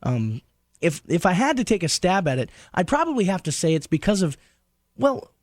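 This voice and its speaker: Male narrator, higher voice, lively and sarcastic, dry studio read. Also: moderate pace, no echo. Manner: sarcastic, deadpan mock praise. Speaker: compilation narrator. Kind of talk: mock-earnest scripted narration.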